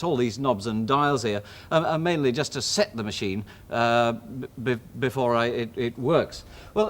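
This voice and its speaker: A man with a Yorkshire accent presenting a children's TV show, chatty and explaining things step by step. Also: medium pitch.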